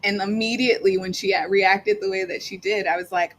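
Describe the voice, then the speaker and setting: A woman's voice: medium pitch, steady tone, a little fast, slight background noise. A middle-aged woman, a guest on a talk show, chatting and telling stories with lots of fillers. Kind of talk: casual talk show conversation.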